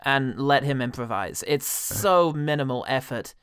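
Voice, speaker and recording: A man's voice: mid-range voice, animated, unhurried, fairly bright tone, smooth. A British man co-hosting a podcast, ranting in an exasperated, sweary way about bad comedy films. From Britain. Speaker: podcast co-host. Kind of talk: casual film-review chat.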